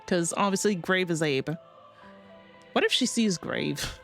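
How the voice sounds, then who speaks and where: Over soft background music, a woman with a fairly low voice reads through a game story on her live stream at a measured pace. She rambles, curses, uses lots of fillers, and breaks into excited outbursts.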